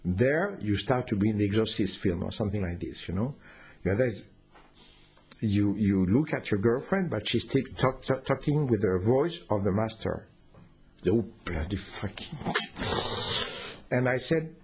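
A man's voice: fairly low pitch, expressive, normal speed, darkish tone. A man telling a personal story in an unscripted, hesitant way, with restarts and fillers.

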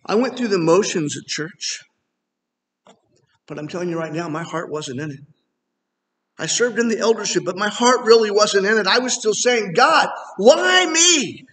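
A middle-aged male pastor preaching a sermon in a church, animated and rising to emphatic near-shouts. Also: high-pitched, moderate pace, long pauses. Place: church sanctuary. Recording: long hall reverb.

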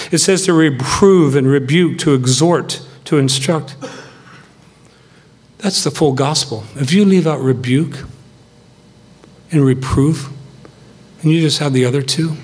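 A middle-aged man giving a farewell sermon to his church, earnest and emphatic in short, punchy phrases. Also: mid-range voice.

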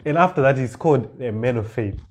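A man preaching a sermon, reading scripture verses slowly and then explaining them with rising emphasis and repeated words. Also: medium pitch, expressive.

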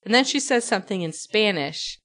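Speaking a little fast in a mid-range voice, this New Mexico woman co-hosts a podcast. She's a laughing storyteller, chatting casually and animatedly as she retells a story.

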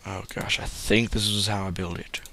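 A man's voice: sits low, fairly even intonation, moderate pace, vocal fry, pushed and bright. A man giving casual gameplay commentary, rambling and joking to his viewers. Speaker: game commentator.

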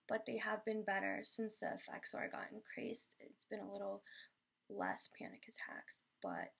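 A woman's voice: medium pitch, vocal fry, a bit bright, breathy edge. A young woman telling personal stories in a Q&A vlog, rambling and emotional with many fillers. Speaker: vlogger.

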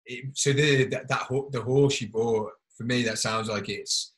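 A man's voice: mid-range voice, fairly even intonation, unhurried, a bit bright, poor audio. A man hosting a podcast, talking in an earnest, rambling and encouraging way. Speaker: podcast host. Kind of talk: casual interview chat.

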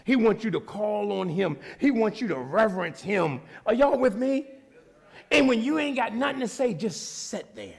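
A man preaching a sermon as pastor, animated, swinging from low asides to shouting. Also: moderate pace, vocal fry.

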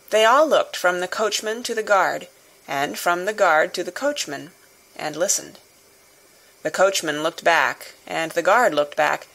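Audiobook narrator, woman, slightly low voice, steady measured reading of a classic novel. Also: gravelly, poor audio.

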